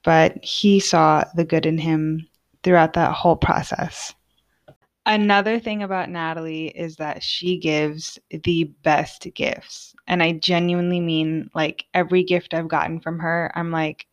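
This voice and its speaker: A woman's voice: fairly low pitch, steady tone, unhurried. A young woman hosting a podcast, talking casually and from the heart, with lots of filler words. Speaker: podcast host. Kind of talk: personal monologue.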